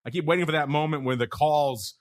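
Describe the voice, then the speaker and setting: A man's voice: fairly high pitch, fairly quick. A man hosting a podcast, chatting casually about markets and laughing often in playful banter. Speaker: podcast host.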